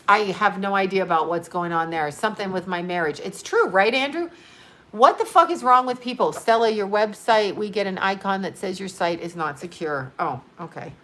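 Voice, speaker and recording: A woman's voice: medium pitch, a bit bright. A woman hosting a casual livestream as a psychic medium, talking bluntly with profanity and breaking off to answer viewer comments. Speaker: psychic medium and channel host.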